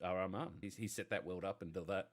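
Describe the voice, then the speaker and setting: A man's voice: deep voice, fairly even intonation, rapid-fire, a crowd in the background. A man, chatting casually on a podcast and rambling enthusiastically, with lots of swearing. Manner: profane, rambling enthusiastic storyteller. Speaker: podcast panelist. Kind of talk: casual chat.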